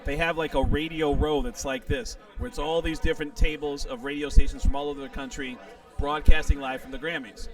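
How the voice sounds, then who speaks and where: A male comedian telling an animated, profane anecdote in casual conversation. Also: a little high, fairly quick, far from the mic. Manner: animated anecdote teller, swears freely. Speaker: comedian guest. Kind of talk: casual storytelling.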